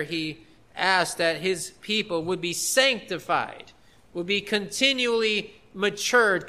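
High, bright-voiced man preaching a sermon. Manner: earnest, emphatic repetition. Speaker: pastor. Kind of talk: expository sermon.

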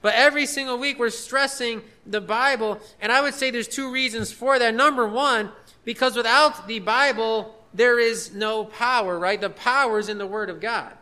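High, bright-voiced man preaching a sermon. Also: moderate pace. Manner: earnest, emphatic repetition. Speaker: pastor. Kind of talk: expository sermon.

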